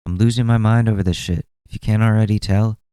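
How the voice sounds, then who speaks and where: Mellow-voiced young man ranting casually. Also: fairly low pitch, steady tone, quick pace, clean tone, no echo. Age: 20s. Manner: rambling, exasperated, profane. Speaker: podcast host. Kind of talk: casual solo commentary.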